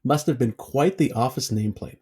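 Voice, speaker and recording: A man hosting a podcast trivia game, reading out questions in a measured way. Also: mid-range voice, warm tone, breathy edge. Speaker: quizmaster.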